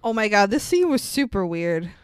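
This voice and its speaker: A woman's voice: medium pitch, very animated, moderate pace, smooth, dry recording. A woman co-hosting a movie review podcast, casual and sarcastic, swearing and laughing often. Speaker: podcast co-host.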